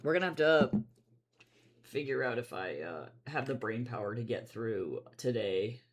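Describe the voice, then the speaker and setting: A man streaming while he draws comics, chatting casually and rambling, swinging between loud excitement and low mumbling. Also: normal speed, breathy edge. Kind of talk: casual livestream chat while drawing.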